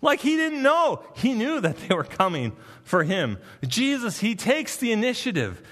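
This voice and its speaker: A man preaching an expository sermon, earnest and emphatic, with dramatic pauses. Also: very high-pitched, huge pitch swings, fairly bright tone, in a large hall. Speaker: pastor.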